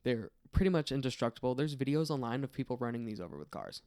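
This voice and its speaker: A man's voice: medium pitch, expressive, fast, darkish tone, smooth, no room sound, studio quality. An American man co-hosting a podcast in casual, rambling chat, laughing often. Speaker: podcast co-host. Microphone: dynamic vocal mic.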